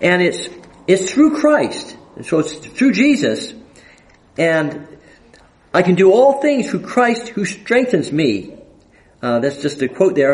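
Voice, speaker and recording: Slow, lively-voiced male Bible teacher. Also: a little high, low-quality recording. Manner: halting, with frequent fillers and restarts; reads scripture aloud with rising emphasis.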